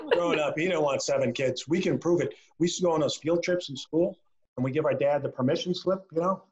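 A middle-aged man from upstate New York doing a stand-up set over a video call from home, landing punchlines dry and slowed down. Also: fairly high pitch, highs cut off. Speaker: stand-up comedian. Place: a home, indoors.

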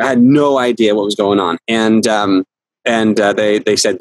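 A man guest on an interview, telling stories in a lively, laughing way and acting out quotes. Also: on the low side, moderate pace, no room sound, rough recording. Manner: animated storyteller, laughs often, acts out quotes. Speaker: actor guest. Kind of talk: casual interview chat.

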